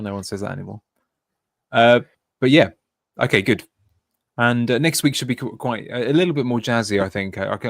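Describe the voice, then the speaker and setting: Male co-host, low pitch, meandering and hesitant, casual and dry. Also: creaky, no room sound. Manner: hesitant, filler-heavy wrap-up patter. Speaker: podcast co-host. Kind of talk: casual chat.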